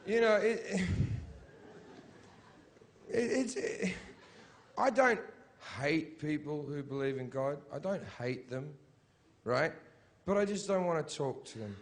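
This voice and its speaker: A man doing a stand-up routine before a live audience, profane and mocking, building up to shouted rants. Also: a little high, expressive, slow, long pauses. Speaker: stand-up comedian.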